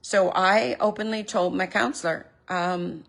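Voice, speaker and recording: A woman's voice: lowish voice, fairly even intonation, normal speed, gravelly, few pauses, a bit bright. A woman speaking earnestly and openly emotional in a personal confessional vlog, recorded at home in her living room. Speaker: vlogger.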